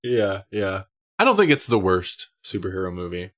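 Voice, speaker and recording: A man's voice: low voice, sing-song, moderate pace, a bit bright. Opinionated man in casual podcast chat. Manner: opinionated, thinks aloud with restarts. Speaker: podcast co-host.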